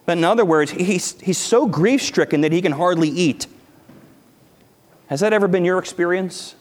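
A man preaching a sermon as pastor, earnest and emphatic, repeating phrases and dropping his voice very low at key points. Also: moderate pace. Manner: earnest, emphatic preaching with repetitions and dramatic drops to near-whisper. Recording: hall reverb.

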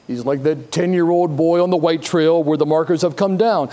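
A man preaching a sermon, telling stories and reading a passage aloud with dramatic pauses. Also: a little high, warm tone. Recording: long reverb of a large hall.

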